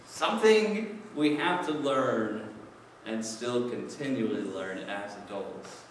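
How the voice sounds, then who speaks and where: A man's voice: mid-range voice, lively intonation, takes it slowly, noisy background. A man preaching a sermon as pastor, conversational and jokey, acting out people's excuses. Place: church sanctuary. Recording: echoey church hall from far off.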